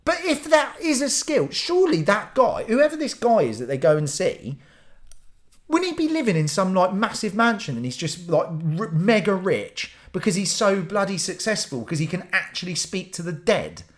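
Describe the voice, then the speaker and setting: Animated man telling stories. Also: high voice, moderate pace. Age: 30s. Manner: animated, laughing, sweary, skeptical storytelling. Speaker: vlogger. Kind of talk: casual storytelling monologue.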